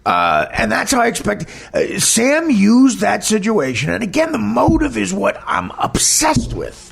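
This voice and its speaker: A man's voice: sits high, wildly swooping pitch, a little slow, creaky, a bit bright, husky. A man hosting a podcast, telling a candid personal story in a blunt, profane, rambling way. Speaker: podcast host.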